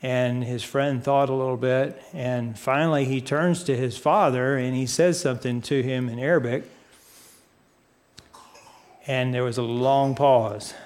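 A man preaching a sermon, speaking deliberately and putting questions to his listeners. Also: mid-range voice, steady tone, a little mellow. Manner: asks the audience questions; unhurried, deliberate. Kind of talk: sermon teaching.

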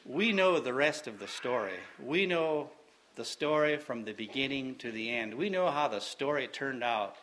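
A man preaching a sermon, slow and deliberate, repeating phrases for emphasis. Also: medium pitch, animated, a bit bright, a little hiss or hum.

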